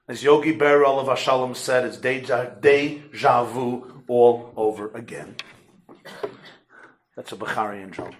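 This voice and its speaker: A man's voice: medium pitch, slight background noise. A rabbi giving a lecture to a large audience, telling stories animatedly and joking with his listeners. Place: community center hall.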